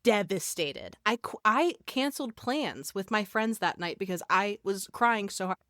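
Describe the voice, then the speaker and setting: A woman's voice: mid-range voice, lively intonation, moderate pace, sharp tone, no echo, clean studio sound. A woman guest on a podcast in casual chat, gushing and emphatic and swearing freely.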